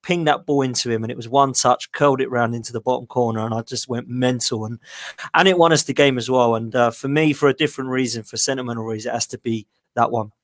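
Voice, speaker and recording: A man on a casual football podcast reminisces as a fan about goals he saw in person. His voice is mid-pitched, and the sound is dry and close. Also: quick pace, no echo. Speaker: podcast co-host. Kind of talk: casual chat.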